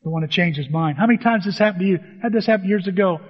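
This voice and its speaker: Male pastor, high voice, animated storyteller, sermon in a hall with a long echo, dull sound. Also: very fast, slightly rough. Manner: animated storytelling, acts out dialogue.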